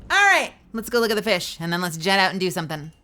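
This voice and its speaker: A woman streamer chatting playfully through live gameplay commentary, with bursts of squealing and yelling. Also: on the low side, very animated, quick pace.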